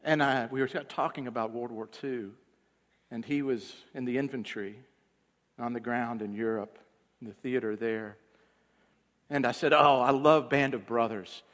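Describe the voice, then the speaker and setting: A man preaching a sermon as the pastor, telling stories and moving between loud, emphatic passages and hushed, low ones. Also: steady tone, a little slow, pauses often, in a large hall.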